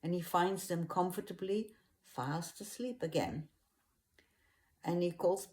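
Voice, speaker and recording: A woman retelling a religious story in an unhurried, hesitant way, with fillers and restarts. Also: on the low side, darkish tone.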